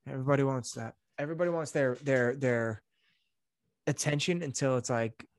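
A podcast co-host in casual conversation. Jokes often and halts through many fillers and repeats. The sound is dry and close, at a middling pitch. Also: no echo. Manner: joking, halting with many fillers. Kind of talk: casual chat.

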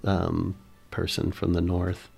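A man's voice: deep voice, completely flat delivery, slow pace, gravelly, a little mellow, slightly rough, soft background music. A man playing a tabletop role-playing game, thinking aloud as he plans his character's moves. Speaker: player.

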